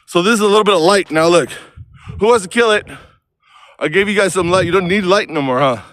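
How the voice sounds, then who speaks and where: A man's voice: high-pitched, fast, a bit bright, no room sound. A man on a street, rambling in a profane, stream-of-consciousness monologue that jumps from topic to topic. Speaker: vlogger. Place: outdoors on a street.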